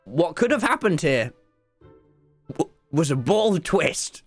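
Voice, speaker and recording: A young man, telling a story to his live stream chat in an excitable way, dropping to mumbled asides and rising to loud yelps, and swearing freely. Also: a little high, takes it slowly, faint music behind. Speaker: livestreamer.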